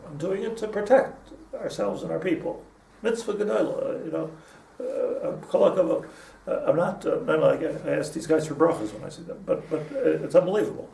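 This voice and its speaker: A man's voice: on the high side, brisk, vocal fry, warm tone. A man teaching a casual Torah class, rambling with many restarts and mixing in Hebrew terms. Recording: echoey room, mic at a distance, faint hum.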